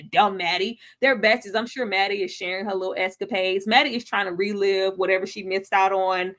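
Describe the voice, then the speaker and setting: A woman hosting a live video-call recap, sassy and slangy, acting out characters in quick voices. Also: mid-range voice, fairly even intonation, fairly bright tone. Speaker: podcast host. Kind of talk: animated live recap chat.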